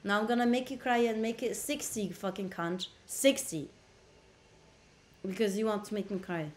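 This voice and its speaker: A woman's voice: mid-range voice, fairly even intonation, normal speed. A woman livestreaming casually on a laptop mic, brash and profane, bickering with her chat. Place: indoors at a laptop.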